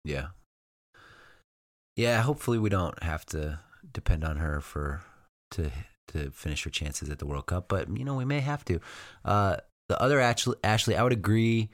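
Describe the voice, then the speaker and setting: A man co-hosting a podcast, talking casually about players with relaxed hedging fillers. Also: low-pitched, moderate pace, no echo, studio quality. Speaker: podcast co-host. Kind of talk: casual sports chat.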